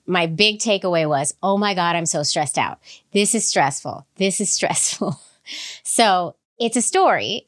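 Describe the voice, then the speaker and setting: A woman's voice: on the low side, a bit bright. A woman hosting a podcast, chatty and upbeat with frequent laughs, talking through a slight cold. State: has a cold. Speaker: podcast host. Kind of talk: casual podcast intro.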